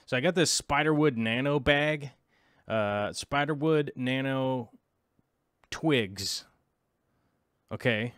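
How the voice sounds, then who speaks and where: A man's voice: mid-range voice, slow, pauses often, a bit bright, smooth, no room sound, studio quality. A man chatting casually in a vlog, rambling and scatterbrained as he interrupts himself while looking things up. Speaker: aquarium hobby vlogger. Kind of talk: casual vlog chat while browsing links.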